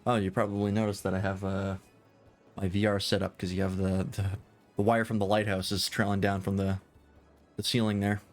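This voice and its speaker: A man's voice: low voice, level tone, a little fast, faint music behind. A man chatting casually while streaming a game at home, rambling and self-deprecating, swearing now and then. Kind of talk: casual gameplay chat. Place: home room with a VR setup.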